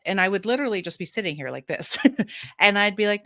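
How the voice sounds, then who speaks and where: A woman's voice: mid-range voice, fast talker, bright, forceful tone, no room sound, studio quality. A woman in her fifties, a podcast guest telling her personal story candidly, frank and emphatic, laughing between points.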